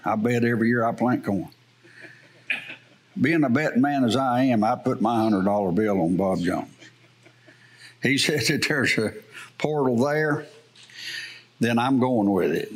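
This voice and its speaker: A man's voice: medium pitch, expressive, measured pace, long pauses, slight background noise. Folksy farmer preacher man. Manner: folksy storytelling with laughs. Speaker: pastor. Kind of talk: sermon. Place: church.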